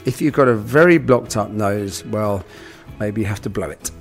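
A man, a chef, giving a calm, instructive explanation to young listeners and walking them through an experiment. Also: on the low side, moderate pace, creaky, faint music behind. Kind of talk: recorded guest explanation.

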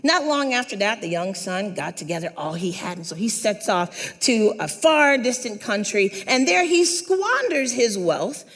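A woman's voice: medium pitch, big pitch swings, unhurried, hardly any pauses, fairly bright tone. A woman preacher giving a sermon, telling a story and asking the audience to repeat words after her. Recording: echoey hall with long reverb.

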